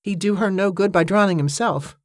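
Her medium-pitched voice delivers a scripted audiobook narration at a steady, measured pace. The studio sound is clean, and the recording is dry.

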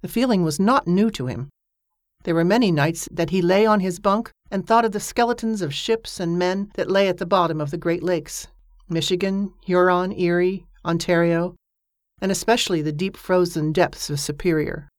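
Woman narrating a story, low-pitched and dry. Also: moderate pace, no room sound. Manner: steady storytelling voice, lifting pitch for characters' dialogue. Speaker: audiobook narrator. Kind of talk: scripted narration.

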